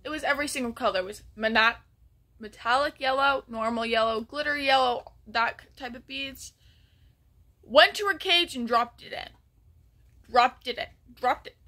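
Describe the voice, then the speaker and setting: A woman's voice: sits high, normal speed, bright, forceful tone. A woman telling a story in a casual vlog, rambling with many ums and restarts and sometimes dropping to a near whisper. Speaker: vlogger.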